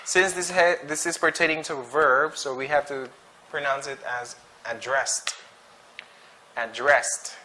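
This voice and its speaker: A man teaching an English pronunciation drill, saying each word slowly and twice with short explanations. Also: fairly high pitch, pushed and bright, slight background noise. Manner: slow, deliberate, repeats each word twice.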